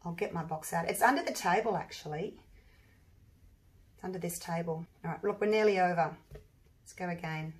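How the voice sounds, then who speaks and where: Husky-voiced woman chatting while she paints. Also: lowish voice, moderate pace, long pauses. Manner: chatty, thinks aloud, bursts into excited exclamations. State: husky voice from allergies. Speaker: acrylic pour artist. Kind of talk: casual demonstration while working.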